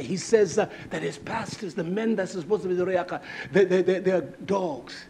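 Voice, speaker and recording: A man with a strikingly high voice delivers a fiery sermon. He swings between loud, shouted outbursts and hushed near-whispers. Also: moderate pace, slight background noise. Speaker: preacher.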